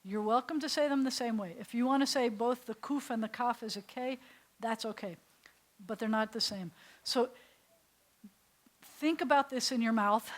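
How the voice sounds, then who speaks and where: A woman's voice: on the high side, normal speed. A woman rabbi teaching a beginners' Hebrew class, patiently sounding out syllables and repeating them, sometimes correcting herself as she goes. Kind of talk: classroom lesson. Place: synagogue classroom.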